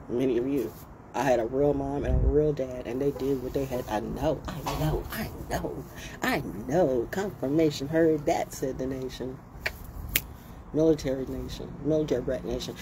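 A woman giving a blunt, passionate monologue, talking straight to her listeners in a casual and emphatic way. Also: rumbling low. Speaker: motivational speaker. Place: outdoors, birds and passing vehicles. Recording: noisy outdoor recording.

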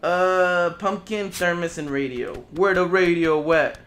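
A man's voice: high voice, steady tone, a little slow, a bit bright, slight background noise. A man giving casual gameplay commentary, playful and taunting, swearing as he speaks in character as a goose. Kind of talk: casual let's play commentary.

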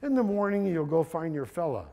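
A man voicing an excited old hometown friend. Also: on the high side, brisk, creaky. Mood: hearty, chiding. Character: excited male childhood friend shouting from a station.

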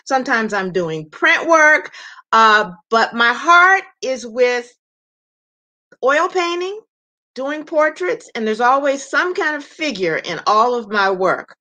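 A woman from Maryland, a visual artist, calmly explaining and presenting her prints on a livestream. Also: on the high side. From Maryland, USA.

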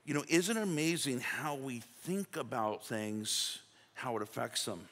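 Gravelly man preaching in a reverberant church. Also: mid-range voice, expressive, unhurried, a bit bright. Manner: conversational, folksy, with restarts and acted-out quotes. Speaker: pastor. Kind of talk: sermon. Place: church sanctuary.

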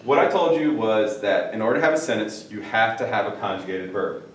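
Male teacher, animated, joking, heard from a distance in a roomy classroom. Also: on the low side, slight background noise. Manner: lively, jokey, stretches out Spanish words slowly. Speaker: Spanish teacher. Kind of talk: classroom vocabulary lesson. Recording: echoey room, mic at a distance.

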